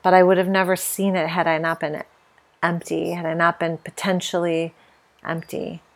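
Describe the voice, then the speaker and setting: A middle-aged woman hosts her own podcast in a reflective personal monologue. She speaks candidly and with feeling, often reaching for fillers. Her voice sits slightly low. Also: flat delivery, normal speed. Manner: candid, emotional, with many fillers. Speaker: podcast host.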